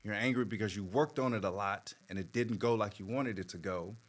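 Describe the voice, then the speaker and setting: A man working as a therapist, explaining in a measured, patient way with plenty of fillers. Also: on the low side. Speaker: therapist guest. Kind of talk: conversational explanation.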